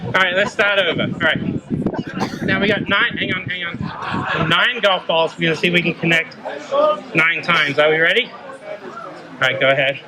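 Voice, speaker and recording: A man's voice: high voice, unhurried, pauses often, low-quality recording. An Australian man joking with volunteers as he hosts a live golf trick shot show outdoors. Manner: joking showman, teasing volunteers. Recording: loud crowd and noise outdoors. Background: loud crowd laughing and outdoor noise.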